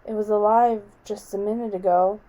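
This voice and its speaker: A dazed mother speaks in an odd, sing-song voice, as a woman reads her aloud. The tone stays mellow and soft, as in a storybook reading. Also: mid-range voice, fairly even intonation, normal speed, dull audio, natural voice.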